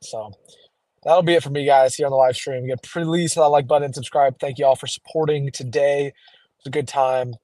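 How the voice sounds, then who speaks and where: A young man hosting a casual live postgame reaction stream, chatty and reading viewer comments, a little hoarse from losing his voice. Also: medium pitch, steady tone, fairly quick, mellow, dry recording, rough recording. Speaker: sports streamer host. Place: driving home.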